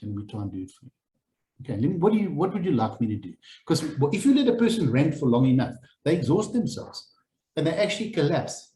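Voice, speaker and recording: A real estate agency principal trains property agents in a blunt, informal talk, acting out phone calls with clients. His voice is fairly high and sing-song, mellow, and he talks fast. The room is echoey with faint background noise.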